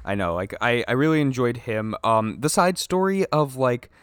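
A man's voice: mid-range voice, very animated, normal speed, smooth, dry recording, studio quality. A young man co-hosting a casual movie review chat, rambling with lots of "like" and restarts. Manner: rambling, heavy use of "like", hesitant restarts. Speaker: podcast co-host.

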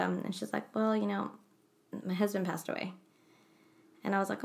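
Young woman, casual storyteller, middle pitch, rambling delivery. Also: fairly even intonation, normal speed, creaky. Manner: rambling, lots of fillers and self-corrections.

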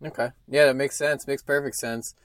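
A man's voice: medium pitch, steady tone, normal speed, dry recording. Easygoing male podcast host, dry close sound, casual joking chat. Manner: easygoing, joking, many ums.

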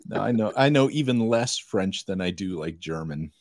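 A man's voice: sits low, expressive, normal speed, darkish tone, dry recording. An easygoing American man teasing his co-host on a podcast, his voice rising and falling a lot. The sound is close and dry, with no room around it. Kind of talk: casual podcast chat.

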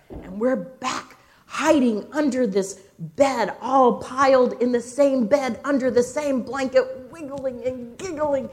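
An older woman minister giving a sermon, telling stories slowly and expressively with dramatic pauses. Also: a little high.

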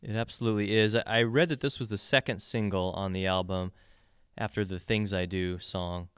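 A man with a low, clean voice talks through song lyrics in a casual podcast chat. He explains in detail and restarts his sentences often. The sound is close and dry, with no room echo. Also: fairly even intonation, normal speed, a bit bright, clean tone. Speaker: podcast co-host. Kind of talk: casual album discussion.

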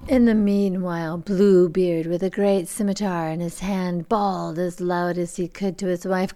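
A woman lecturer who reads a fairy tale aloud in a measured, deliberate way and then turns to interpreting it. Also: fairly low pitch, fairly even intonation, mellow.

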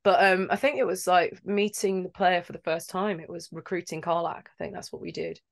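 A woman from London who acts in video games, talking in a casual interview in an animated, rambling way and laughing between thoughts. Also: lowish voice, brisk, creaky. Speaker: video game actor guest.

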